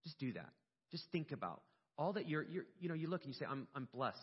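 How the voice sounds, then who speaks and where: A man's voice: fairly high pitch, fast talker, slightly rough. A middle-aged man preaching a sermon, telling a personal story with rising emotion. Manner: storytelling, animated and emotional at peaks. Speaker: pastor. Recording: dull lo-fi sound with long hall reverb.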